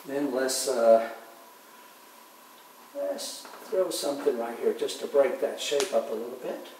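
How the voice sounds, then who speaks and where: A man giving a relaxed painting demonstration, talking softly and unhurriedly, often trailing off quietly as he works. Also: mid-range voice, unhurried, slight background noise. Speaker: painting instructor. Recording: distant mic in an echoey room with faint ambience.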